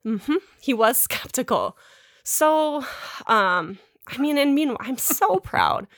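Woman, podcast co-host, casual storytelling, self-deprecating, fillers, slightly higher voice, dry sound. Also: slow pace, dry recording. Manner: animated, self-deprecating, many "like" fillers, laughs mid-story.

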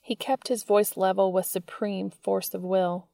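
Woman reading fiction out loud, low gravelly voice, dry close sound. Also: level tone, unhurried, no echo. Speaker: fiction reader.

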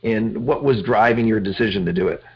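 A man's voice: lowish voice, brisk. A man hosting an interview, asking conversational, probing questions. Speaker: host. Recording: dull lo-fi audio.

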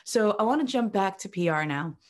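A woman's voice: medium pitch, lively intonation, brisk, a little mellow. A woman hosting a podcast interview, enthusiastic and chatty, speaking straight to her listeners. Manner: enthusiastic, addresses listeners directly. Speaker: podcast host. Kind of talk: casual interview talk.

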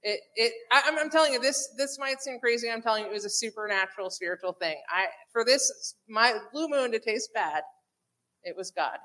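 A woman sharing a personal faith testimony to a group, halting with many restarts and fillers. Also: fairly high pitch, animated, pushed and bright, rough recording.

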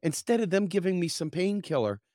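A man's voice: sits high, fairly quick, dry recording, clean studio sound. A middle-aged American man hosting a podcast, telling a story in a casual rant and acting out the quotes, swearing along the way. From United States. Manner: animated, acts out quotes with swearing. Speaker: podcast host.

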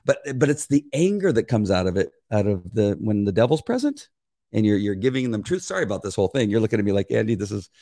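A man's voice: fairly low pitch, fast. An older man, a regular on a talk show, explaining scent detection in casual chat and acting out conversations. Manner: animated, acts out quoted exchanges in a raised voice.

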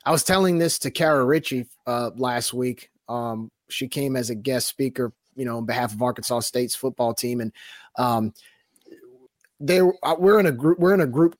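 A man hosting a casual football podcast, animated and laughing as he asks eager questions. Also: medium pitch, normal speed, no room sound, clean studio sound. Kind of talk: casual chat.

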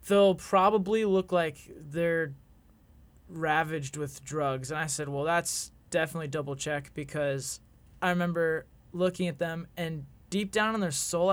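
Young guy on a podcast, bit higher voice, earnest and reflective, kinda halting as he tells his story. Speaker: podcast guest. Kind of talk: personal storytelling.

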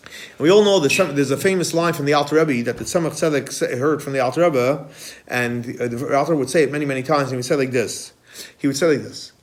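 A man teaching a Kabbalah class as a rabbi, animated, quizzing students and repeating key points. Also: medium pitch, fast talker. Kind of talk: classroom lecture.

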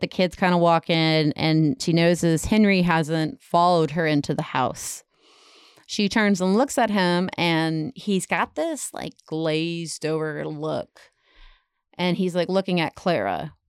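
Smooth-voiced woman telling a story casually. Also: fairly low pitch, dry recording, studio quality. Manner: dramatic retelling with many fillers. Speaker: podcast storyteller.

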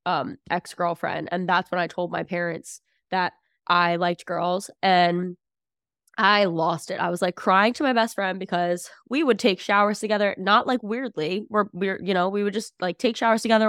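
A woman in her twenties, a podcast guest, tells a personal story in a chatty, filler-heavy way and acts out family dialogue. Her voice is medium-pitched, steady and fairly bright, at a moderate pace, on a dry, clean studio recording.

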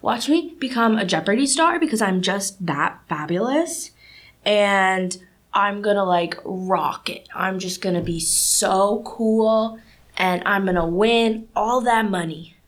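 A woman's voice: mid-range voice, takes it slowly. A teenage girl hosting a student podcast, talking casually and animatedly, with lots of fillers. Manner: chatty and animated, lots of "like" and "you know". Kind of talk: casual solo podcast monologue.

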